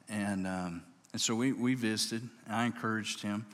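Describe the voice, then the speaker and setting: A man in his forties with a Louisiana accent, a pastor telling a story as a sermon in a folksy, animated way, growing low and quiet for tender moments. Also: unhurried. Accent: Southern US, Louisiana. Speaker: pastor, state police chaplain. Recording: long reverb of a large hall.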